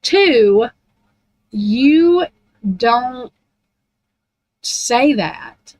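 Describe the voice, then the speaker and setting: A woman's voice: on the high side, lively intonation, drawn-out words, darkish tone, no echo, low-quality recording. A woman in a casual, rambling rant about true crime, blunt and heavy on profanity.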